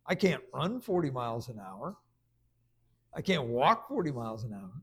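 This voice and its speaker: A man preaching a conversational sermon, stumbling over restarts and then rising into loud bursts of emphasis. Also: medium pitch, big pitch swings, moderate pace, husky.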